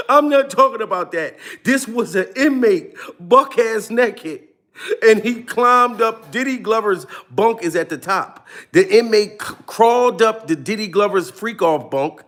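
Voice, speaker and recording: A man's voice: high voice, a bit bright. A man hosting a comedic livestream rant, fake-crying and wailing as he talks to his chat with repeated catchphrases. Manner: mock-sobbing, exaggerated wailing with repeated catchphrases.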